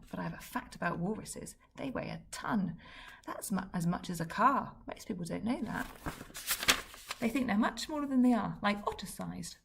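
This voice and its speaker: A woman reading a children's book aloud in a wry, lively storytelling manner. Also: medium pitch, vocal fry, a little hiss or hum. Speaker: story reader.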